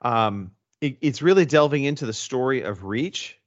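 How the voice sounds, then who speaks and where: A man's voice: medium pitch, lively intonation, moderate pace, muffled recording. A man co-hosting a casual podcast chat, rambling with many restarts and the odd swear word. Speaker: podcast co-host.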